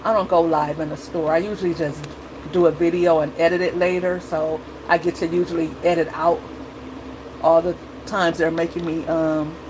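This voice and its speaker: A woman's voice: deep voice, background noise. A middle-aged woman talking casually to her viewers as a mom vlogger, chatty and blunt, acting out her kids and herself.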